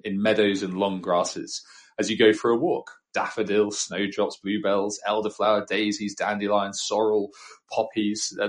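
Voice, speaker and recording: A man with a fairly low voice delivers a sermon, reflective and measured. He slips in homely, gently humorous asides between scripture readings. It sounds recorded at a desk at home. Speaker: preacher.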